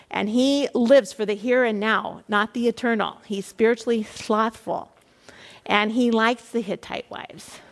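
A woman leading a Bible study for women, reading scripture and adding expressive, conversational asides. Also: on the high side. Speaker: Bible teacher. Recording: echoey hall reverb.

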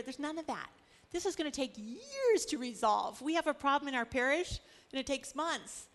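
Woman, bible teacher, higher voice, animated, acts out the stories. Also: normal speed.

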